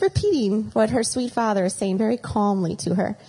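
A middle-aged woman recounts a personal story in a loose, chatty talk that turns toward faith. Her voice is mellow and slightly husky, and she keeps drifting into little acted quotes of the people she met. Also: medium pitch, expressive, moderate pace, low-quality recording. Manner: rambling, chatty, often slips into acted quotes.

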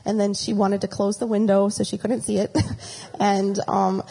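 A woman's voice: mid-range voice, little pitch movement, normal speed, creaky, mellow, husky, low-quality recording. Rambling middle-aged woman telling a story. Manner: rambling, chatty, often slips into acted quotes. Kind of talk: storytelling talk with faith reflection.

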